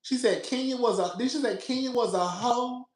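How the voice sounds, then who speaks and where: A man's voice: extremely high pitch, moderate pace. Sassy laughing man in an echoey room. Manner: sassy, laughs a lot, repeats himself, calls listeners "girl". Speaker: podcast host. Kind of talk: casual reality TV commentary.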